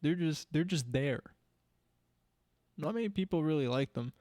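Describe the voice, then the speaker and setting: A man's voice: fairly high pitch, lively intonation, normal speed, a little mellow, dry recording, clean studio sound. A young man co-hosting a podcast in casual chat, rambling with many "like"s and "you know"s. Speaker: podcast co-host.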